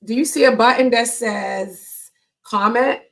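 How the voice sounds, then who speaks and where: Host: chatty woman, bright higher voice, informal live-stream banter. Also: unhurried, gravelly. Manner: chatty, laughs often, informal. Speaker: host of author reading show. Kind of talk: casual live-stream chat.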